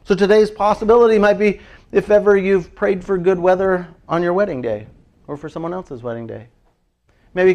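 A male pastor preaching with a high, light voice. He talks in a chatty, animated way, laughing often and acting out quoted prayers as he goes. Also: a little fast. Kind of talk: sermon.

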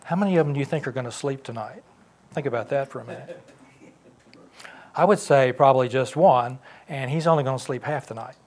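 A man's voice: mid-range voice, fairly quick, a little mellow. A man teaching a Sunday school class in a church classroom, talking conversationally and asking the class questions.

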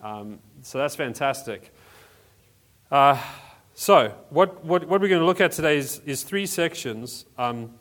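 A man's voice: mid-range voice, animated, a little slow, a bit bright. A man from South Africa preaching a sermon as a pastor in a church, in a conversational way with frequent restarts. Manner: conversational, restarts often, many fillers.

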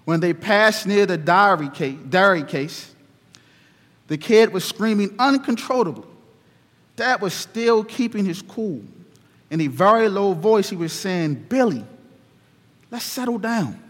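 Male pastor, sermon, unhurried storyteller; high voice, long church echo. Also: fairly bright tone. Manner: slow, deliberate storytelling. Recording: reverberant hall.

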